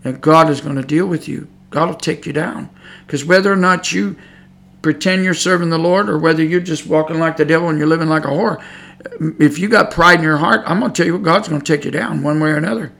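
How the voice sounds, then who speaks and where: A man's voice: on the high side, quick pace, creaky, fairly bright tone. A man teaching from the Bible on a podcast, preaching earnestly and emphatically, often repeating himself for stress. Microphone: podcast microphone.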